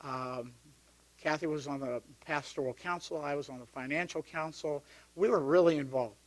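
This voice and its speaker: Middle-aged male deacon, personal testimony at a parish talk, fairly high voice, animated storyteller. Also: normal speed. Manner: storytelling, animated when recounting yelling. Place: parish hall.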